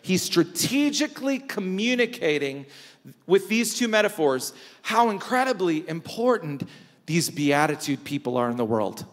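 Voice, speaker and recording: Preaching a sermon, this man's voice sits high and swings widely in pitch. He's a pastor who repeats lines for emphasis and uses dramatic pauses, and the large church hall gives the recording a big, echoing reverb.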